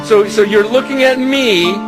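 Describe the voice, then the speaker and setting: A man's voice: very high-pitched, unhurried, long reverb tail, over music, low-quality recording. A man preaching a sermon as pastor, impassioned and blunt, acting out conversations as he speaks.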